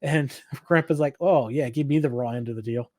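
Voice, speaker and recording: Podcast guy recapping a show, keeps doing quick voices for the characters, warm mellow tone, dry sound. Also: medium pitch, dry recording. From Michigan. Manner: laughs often, acts out characters' lines in quick voices. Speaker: podcast co-host. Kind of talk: casual episode recap chat.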